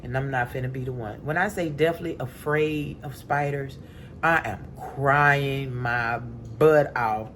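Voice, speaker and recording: A woman telling a story to her viewers at home, dropping to low mutters and jumping to high panicked cries. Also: a little slow, a bit bright, a little hiss or hum. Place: home indoors.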